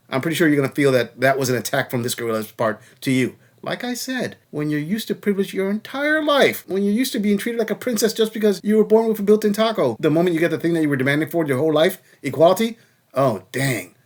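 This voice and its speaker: A man's voice: fairly high pitch, animated, fairly quick. A man hosting a reaction commentary, lecturing bluntly and mocking the clips he plays. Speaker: commentary channel host.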